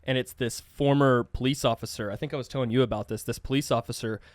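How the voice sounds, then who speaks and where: A man co-hosting a casual podcast, relaxed and easygoing, quick to laugh. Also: mid-range voice, no echo. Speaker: podcast co-host.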